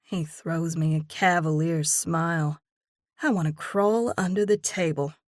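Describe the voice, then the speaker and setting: A woman's voice: low-pitched, a little slow, no echo, clean studio sound. A woman narrating a first-person romance audiobook expressively, voicing the heroine's own lines as she goes. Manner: expressive, reads in character as heroine.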